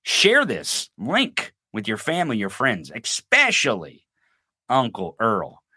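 A man's voice: lowish voice, huge pitch swings, takes it slowly, bright, forceful tone, husky, dry recording, studio quality. A man hosting a live political podcast in casual commentary, mocking and profane, often laughing. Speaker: podcast host. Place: live-streamed podcast set.

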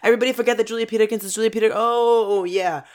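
A woman in her twenties co-hosting a podcast, chatting in an excitable, ranting way and swearing a lot. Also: on the high side, rapid-fire. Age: 20s. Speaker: podcast co-host. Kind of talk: casual chat.

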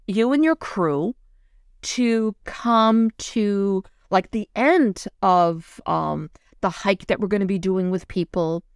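Animated storytelling woman, dry room. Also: mid-range voice, slow pace, clean tone, dry recording. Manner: animated storytelling, gets emotional. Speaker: co-host. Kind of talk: casual chat.

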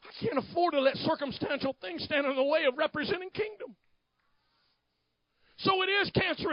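Fiery high-voiced preacher man. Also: moderate pace, pauses often, no room sound, dull audio. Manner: fiery preaching, swinging from hushed to shouting. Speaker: pastor. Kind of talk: sermon.

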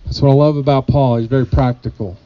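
A man's voice: medium pitch, steady tone, fast, lo-fi sound. A man preaching a sermon to his congregation, earnest, often repeating phrases and putting questions to the people. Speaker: pastor.

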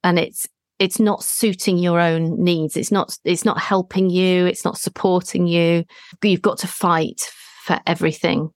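A woman therapist hosting the session, speaking in a gentle, reflective and guiding way. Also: lowish voice, flat delivery, unhurried, no echo, studio quality. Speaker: therapist and podcast host.

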